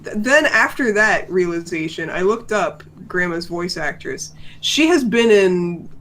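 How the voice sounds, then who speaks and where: A woman's voice: on the low side, lively intonation, measured pace, a bit bright. A woman co-hosting a casual podcast, chatting and laughing often as she reviews a cartoon episode. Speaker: podcast co-host.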